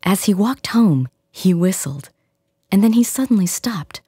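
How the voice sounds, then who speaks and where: A woman reading a fairy tale aloud in a gentle, hushed storytelling manner, with a soft, breathy, near-whispered delivery. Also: medium pitch, expressive, measured pace, dry recording, clean studio sound. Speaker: audiobook reader. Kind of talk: storybook narration.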